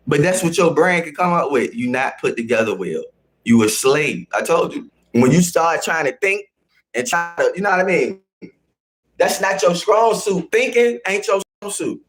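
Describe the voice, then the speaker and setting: A man hosting a live stream, speaking, confrontationally scolding his chat and repeating his phrases. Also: fairly high pitch. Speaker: livestream host. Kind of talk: casual live-stream rant.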